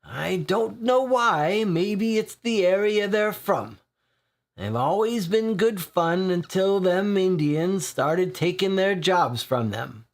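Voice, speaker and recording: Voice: mid-range voice, voice pushed up. A board game player voicing a spindly, drably dressed older pub regular who rambles in a friendly way.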